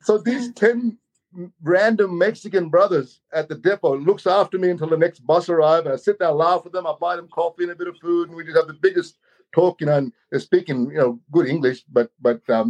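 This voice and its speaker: A man from Australia tells a long personal story in an easy, conversational way. He talks in an animated manner, repeating words and restarting as he goes. His voice sits a little above the usual pitch for a man. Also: brisk. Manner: animated, repeats words, laughs while telling. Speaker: guest storyteller. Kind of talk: casual storytelling.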